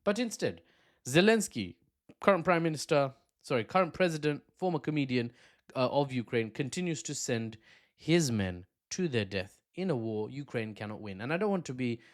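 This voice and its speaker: A male host delivers opinionated geopolitical commentary. His pitch swings widely and his delivery is animated. He breaks off now and then for self-mocking asides. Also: moderate pace.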